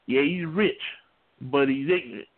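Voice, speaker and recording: Rambling man on a phone-like line. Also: medium pitch. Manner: rambling, halting, repeats himself. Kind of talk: casual panel talk. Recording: phone-like lo-fi audio.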